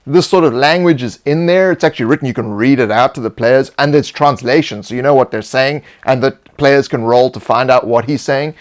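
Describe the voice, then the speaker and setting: A man co-hosting a casual chat with game master tips, talking in a relaxed, rambling way with frequent restarts. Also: mid-range voice, brisk, hardly any pauses.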